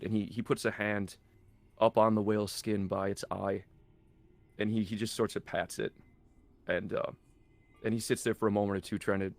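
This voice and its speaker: A man playing a tabletop role-playing game, describing his character's actions in a halting way, restarting and thinking aloud as he goes. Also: on the low side. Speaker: player.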